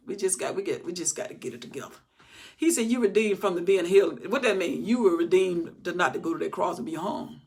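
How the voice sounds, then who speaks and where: Husky, gravelly older woman teaching scripture. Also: medium pitch. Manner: folksy, animated, acts out scripture passages. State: voice recovering, slightly worn. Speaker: Bible teacher. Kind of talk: informal Bible teaching.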